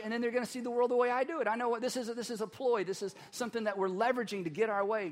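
A man preaching a sermon as a pastor, conversational and animated, acting out quotes. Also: sits high, quick pace, in a large hall.

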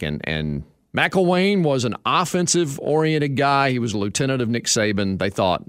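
A man hosting a sports talk radio show, telling stories in a lively way. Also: fairly low pitch, clear, resonant tone, no room sound, clean studio sound. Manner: lively storytelling, chuckling.

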